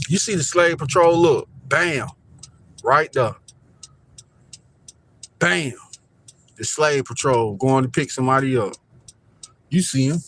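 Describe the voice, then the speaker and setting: A man with a fairly high, slightly bright voice live-streams casual commentary from inside a car heading downtown, rambling and repeating himself as he points out sights to viewers. It's recorded on a phone camera, with a faint hiss or hum.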